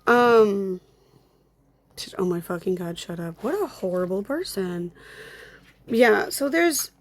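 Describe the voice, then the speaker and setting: An irritated young woman, a content creator, rants angrily in a screen recording, agitated and swearing as she mutters through blocking people. Her medium-pitched voice is animated but slow-paced. At home, dogs are present and construction noise drifts in from outside.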